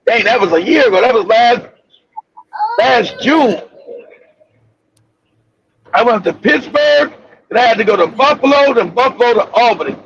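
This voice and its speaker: High, gravelly-voiced man telling rowdy stories. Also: moderate pace, long pauses, a little hiss or hum. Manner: profane, animated, rambling anecdotes with bursts of shouting. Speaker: talk show host. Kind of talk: casual storytelling chat. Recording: dull lo-fi audio.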